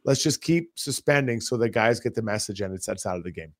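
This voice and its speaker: Energetic male hockey podcast host. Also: lowish voice, brisk, no echo, clean studio sound. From Canada. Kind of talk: casual sports talk and read ads.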